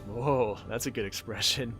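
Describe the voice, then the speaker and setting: Male let's-play host, mid-pitched, casual and profane, commentating over faint game music. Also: normal speed, a bit bright. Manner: joking, swearing, reads game text aloud.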